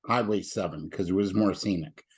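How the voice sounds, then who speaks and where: A man's voice: low voice, moderate pace, slightly rough. A man from Canada, hosting a conversational interview and telling stories with opinionated asides and frequent fillers.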